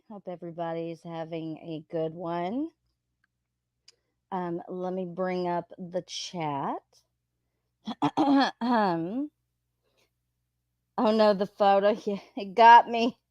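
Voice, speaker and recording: Slow, chatty woman streaming. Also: mid-range voice, a little mellow, no room sound. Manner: chatty, swears freely, greets viewers by name. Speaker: livestream host. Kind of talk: casual livestream chat reading viewer comments.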